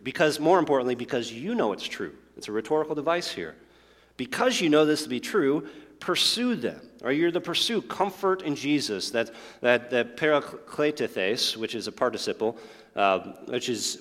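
A man's voice: medium pitch, a bit bright. A man preaching a sermon as pastor, earnest and emphatic, praying and then asking rhetorical questions to his congregation. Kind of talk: sermon with prayer. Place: church sanctuary. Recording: long hall reverb.

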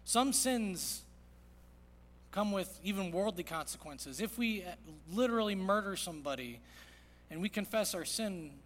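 Man, pastor, high voice, earnest sermon delivery, big echoing sanctuary. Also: animated, unhurried. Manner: earnest, swings from loud emphasis to hushed quiet. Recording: long reverb of a large hall.

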